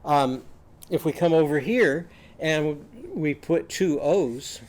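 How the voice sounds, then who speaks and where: A man's voice: fairly high pitch, slow pace, a little mellow. A man demonstrating a reading lesson, with an upbeat, sing-song teaching manner, sounding out letters and cheering.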